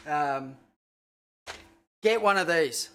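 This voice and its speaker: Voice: mid-range voice, expressive, drawn-out words, fairly bright tone, clear, resonant tone. A chef chatting casually through a home cooking livestream, rambling between tasks and swearing freely. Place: home kitchen.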